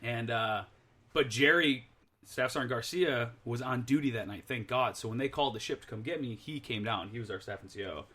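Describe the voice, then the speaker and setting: A young man's mid-pitched voice, neither high nor low, on a relaxed podcast. He tells a long anecdote, stops to correct himself, and laughs his way through it. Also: fairly quick, husky. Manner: rambling, self-correcting, laughs mid-story. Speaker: podcast guest. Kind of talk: casual storytelling chat.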